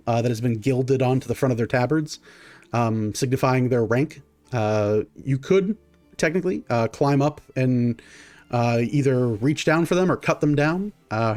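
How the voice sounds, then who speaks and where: A man narrating a tabletop game as game master, in a halting way with many fillers and restarts. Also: mid-range voice, a little mellow.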